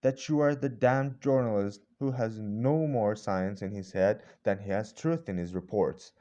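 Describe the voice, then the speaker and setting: A man's voice: lowish voice, a little slow, warm tone, dull audio, lightly acted. A man reading a storybook role of an arrogant, short-tempered older male professor who talks with roaring, brutal bluntness. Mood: scornful.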